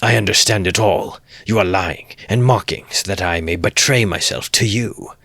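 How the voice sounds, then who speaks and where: A man voicing a feverish, defiant young male student who shouts accusations. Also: sits low, normal speed, no room sound. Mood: furious.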